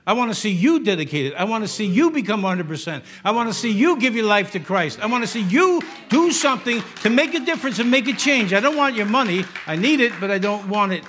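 Middle-aged pastor, New York accent, ringing tone, chatty sermon full of wisecracks. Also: male voice, sits high, fairly bright tone. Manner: joking, conversational preaching with asides.

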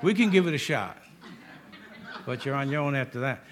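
A man's voice: medium pitch, expressive, moderate pace. A middle-aged man with a New York accent, a pastor preaching a sermon in a joking, conversational way with asides.

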